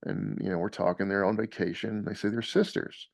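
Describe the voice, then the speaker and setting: A man telling a lively story in casual podcast chat, laughing often. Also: lowish voice, brisk, creaky, no echo. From American South.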